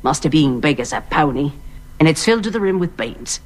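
An actress playing a plain-spoken Australian woman in a TV drama, telling an odd tale with a put-on Australian accent in a flat, matter-of-fact way. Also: low voice, a little fast. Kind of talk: TV drama acting.

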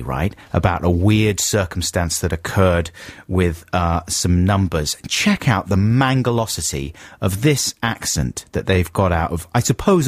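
A man hosting a radio show, chatting casually in an animated way and laughing often. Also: deep voice, dry recording, clean studio sound. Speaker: radio host.

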